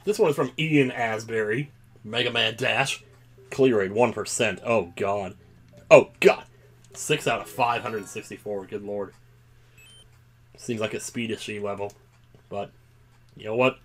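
A man giving casual, excitable commentary while playing a video game, breaking into loud outbursts. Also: fairly low pitch, measured pace, long pauses. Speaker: let's play gamer.

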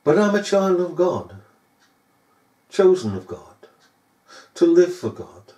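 Scornful man preaching, lively pitch. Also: slow. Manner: scornful and sarcastic. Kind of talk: recorded sermon. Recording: echoey room.

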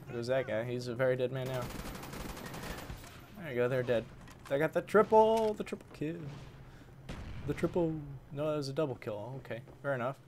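A man's voice: medium pitch, expressive, normal speed, long pauses. A man giving casual commentary while playing a shooter on his computer, grumbling and swapping swear words for milder ones, his voice worn from recording too long. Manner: grumbling, swaps swears for mild words, talks to enemies. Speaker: gaming channel host. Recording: game gunfire noise behind voice.

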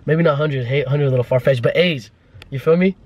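A man's voice: medium pitch, fast talker, darkish tone, breathy edge. A young man vlogging from inside a car, giving a playful, teasing pep talk with frequent laughs. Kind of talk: casual chat.

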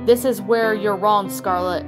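Storybook lion king, older male, steady leader, read by a woman, soft music in the background. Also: mid-range voice, a little slow, close to an everyday voice.

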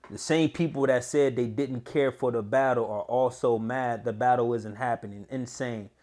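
A man hosting battle rap reaction commentary, slangy, swinging from low mutters to high, heated yelling. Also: steady tone, moderate pace.

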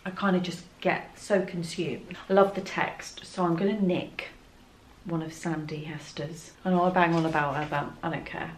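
A woman's voice: fairly low pitch, fairly even intonation, normal speed, echoey room, slight background noise. A woman chatting casually while she works in her art studio, thinking aloud and poking fun at herself. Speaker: art vlogger.

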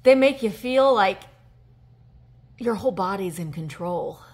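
A woman, chatting casually on a handheld phone vlog as she reads fan mail and opens a gift, emotional and gushing with breathy gasps. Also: mid-range voice, animated, unhurried, a little mellow. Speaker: vintage reseller vlogger. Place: indoors at a table. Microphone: handheld phone camera.

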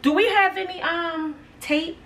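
Her voice is extremely high and a bit bright, with fairly even intonation and a slightly slow pace. This woman is a cooking vlogger making a casual vlog in her home kitchen, chatting to viewers and calling them "y'all". A phone camera set back from her picks up a distant sound with background noise.

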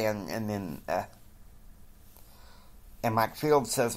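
A man telling an improvised story in a halting, rambling way, with many fillers. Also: lowish voice.

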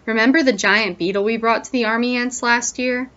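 A woman's voice: a little high, fairly even intonation, a little fast, fairly bright tone, close to an everyday voice. A woman voicing a nervous, snappish female leafcutter ant who stammers, on a dull lo-fi recording.

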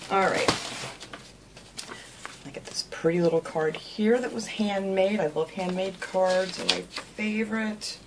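A woman hosting a craft channel, chatting casually and warmly thanking viewers by name as she opens mail at home. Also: medium pitch, unhurried, vocal fry, background noise. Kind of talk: casual chat, opening mail.

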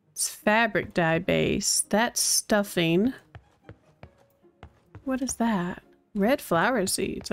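Woman, gaming streamer, casual commentary, thinks aloud, slow unhurried pace. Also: medium pitch, gravelly. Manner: thinks aloud, chatty and easily delighted.

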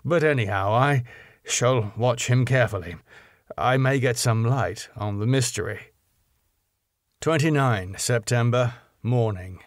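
Man, audiobook narrator, steady storytelling, medium pitch, dry studio sound. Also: unhurried, dry recording.

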